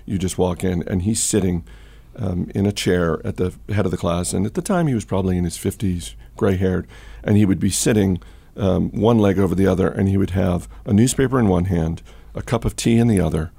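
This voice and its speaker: Man, podcast host, husky gravelly voice, dry close sound, rambling chatty delivery. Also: sits low, fairly quick, warm tone, no room sound. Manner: chatty, with many fillers and restarts. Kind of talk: casual storytelling and market chat.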